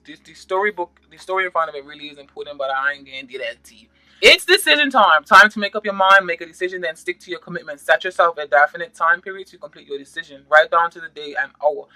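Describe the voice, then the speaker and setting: A man's voice: high-pitched, sharp tone, no echo, low-quality recording. A man giving a casual tarot reading, playful and slangy, reading card meanings aloud and adding sound effects. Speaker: tarot reader.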